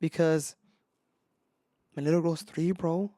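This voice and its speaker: A man's voice: fairly high pitch, level tone, takes it slowly, warm tone, dry recording, studio quality. A young man, a podcast co-host, talking about fatherhood in a laid-back casual chat, calling people "bro" and "dude".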